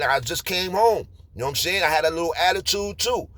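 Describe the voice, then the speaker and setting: A man in his forties with a New York accent, telling street stories in a casual, animated way. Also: on the high side, fast talker, few pauses. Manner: streetwise, animated, repeats "you heard?". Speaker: storyteller. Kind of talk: casual storytelling.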